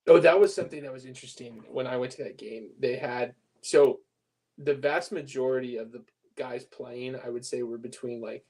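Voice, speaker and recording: A man co-hosting a podcast, explaining his points in an even, measured way during casual chat. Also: medium pitch. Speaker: podcast co-host.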